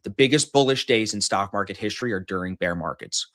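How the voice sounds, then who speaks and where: Low-voiced guy hosting a trading stream, joking and cussing, dry close sound. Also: quick pace, fairly bright tone, no echo. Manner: brash, joking, swears freely. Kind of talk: casual live-stream chat.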